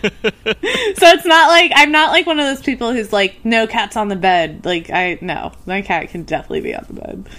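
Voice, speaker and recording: A woman's voice: fairly high pitch, sing-song, normal speed, bright, forceful tone. A woman co-hosting a podcast in casual late-night chat, chatty and full of fillers, laughing often. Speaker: podcast co-host.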